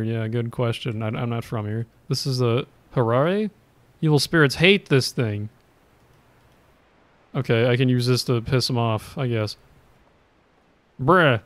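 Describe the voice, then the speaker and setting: A man's voice: a little high, fairly bright tone. A man giving let's play commentary as a gaming video creator, talking to the game, swearing often and laughing a lot.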